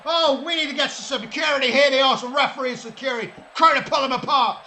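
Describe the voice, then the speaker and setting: Excitable wrestling commentator, high voice. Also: male voice, fast talker, slight background noise. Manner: shouts and swears in excitement, laughs through calls. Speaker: play-by-play commentator. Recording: roomy sound with loud music behind.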